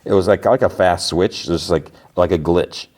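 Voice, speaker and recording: Deep-voiced man rambling through a recap. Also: normal speed, darkish tone. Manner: rambling, heavy use of "like". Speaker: podcast host. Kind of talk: casual episode recap.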